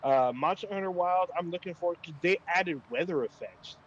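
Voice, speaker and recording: A man's voice: high voice, brisk, slight background noise. Co-host, man, loose and profane, fillers galore; lo-fi dull audio. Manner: rambling, profane, frequent fillers. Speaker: podcast co-host. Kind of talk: casual gaming chat.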